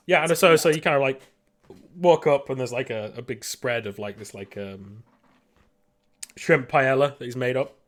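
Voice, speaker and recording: A man running a sci-fi tabletop game, narrating in a loose, rambling way. He stumbles through fillers and restarts as he describes the scene, his voice sitting at an ordinary middle pitch. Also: normal speed, fairly bright tone. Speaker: game master.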